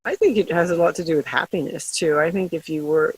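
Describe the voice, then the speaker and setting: A middle-aged woman telling stories in a casual interview, chatty and quick to laugh. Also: sits low, darkish tone, breathy edge, dry recording, low-quality recording. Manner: chatty storytelling, laughs often. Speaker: guest, glassware company founder.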